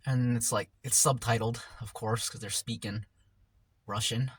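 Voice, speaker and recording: A man's voice: mid-range voice, fairly even intonation, a little slow, slightly rough. A man telling a story casually while eating on camera, in a rambling, laid-back way full of slang, often trailing off mid-thought. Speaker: mukbang vlogger.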